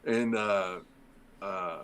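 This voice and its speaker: A man's voice: deep voice, fairly even intonation, extremely slow, a bit bright, a little hiss or hum, low-quality recording. A middle-aged man, a former firefighter and podcast guest, telling a long story in a casual, rambling way, acting out the dialogue with plenty of fillers. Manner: rambling, acts out quoted dialogue, many fillers.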